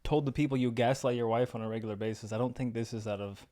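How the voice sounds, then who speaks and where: A young man with a voice of middle pitch co-hosts a casual podcast. He teases his partner, swears easily, and keeps the banter light. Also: steady tone, fast, mellow. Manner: joking, teasing banter, swears. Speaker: podcast co-host. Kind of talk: casual chat.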